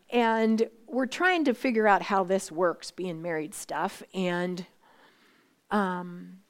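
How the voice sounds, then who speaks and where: A woman in her sixties giving a faith talk to a live group, speaking in an animated, conversational way and often dropping to a whisper for emphasis. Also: mid-range voice. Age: 60s. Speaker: women's Bible study speaker.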